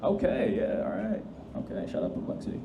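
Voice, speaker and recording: A man's voice: fairly low pitch, wildly swooping pitch, a little fast. A man presenting a live demo of AI agents to an audience, talking casually, thinking aloud and restarting often. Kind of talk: live tech demo talk. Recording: echoey hall with faint noise.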